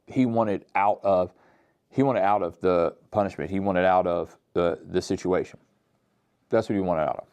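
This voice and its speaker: A man delivers a casual, conversational sermon full of slang. His voice sits very low, and the recording is close and dry with no room sound. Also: moderate pace, darkish tone, clear, resonant tone, dry recording. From Pittsburgh, USA. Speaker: pastor.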